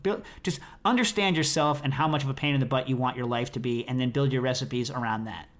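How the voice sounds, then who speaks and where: Talking fast in a mid-range voice, a middle-aged American podcast host chats in a loose, wandering style, frequently cutting himself off mid-thought.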